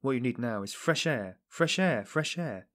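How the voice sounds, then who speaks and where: A man's voice: medium pitch, brisk, close to an everyday voice. A man voicing an earnest middle-aged police investigator who pleads fervently with a suspect in an audiobook.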